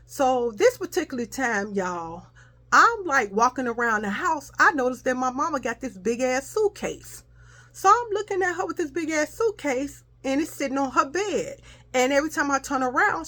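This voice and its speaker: A woman's voice: a little high, fairly bright tone. Chatty woman telling a storytime. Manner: chatty, addresses listeners as y'all, acts out quotes. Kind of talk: casual storytime.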